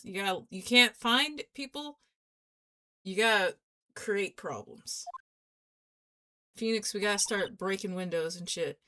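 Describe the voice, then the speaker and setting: A woman streamer giving casual commentary while playing, loud and joking, swearing often. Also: mid-range voice, unhurried, long pauses, slight background noise. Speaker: VTuber streamer.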